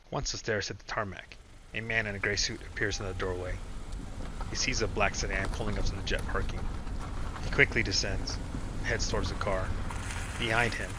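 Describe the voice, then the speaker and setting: A man narrating an audiobook in a steady, low-key way. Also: noisy background.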